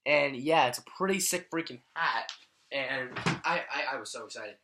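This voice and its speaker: A young man casually recapping his week as a sports fan, rambling and getting excited, recorded on a camera mic at a distance. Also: normal speed, noisy background. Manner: excitable, rambling, jumps up in pitch when thrilled. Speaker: vlogger. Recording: echoey room, voice a bit off-mic.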